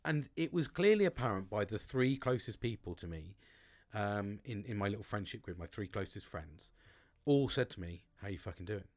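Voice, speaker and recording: Expressive sweary man. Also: moderate pace. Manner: swears often, expressive swings in pitch. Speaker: podcast host. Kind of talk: casual monologue. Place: home, outdoors on a sunny afternoon.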